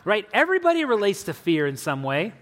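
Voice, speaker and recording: Earnest high-voiced preacher in a reverberant space. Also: male voice, wildly swooping pitch, fairly bright tone. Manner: earnest, slows for emphasis and drops low on key words. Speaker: pastor. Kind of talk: sermon.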